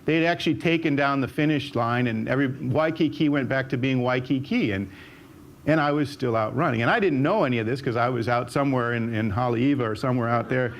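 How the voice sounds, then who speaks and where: An older man tells stories from his life on stage, rambling warmly through false starts and repeated words, and jumping up in pitch to act out what others said. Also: fairly quick. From United States. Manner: chatty storyteller with frequent restarts and repeated words; jumps up in pitch when acting out what people said. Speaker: speaker. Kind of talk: storytelling talk on stage. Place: auditorium stage.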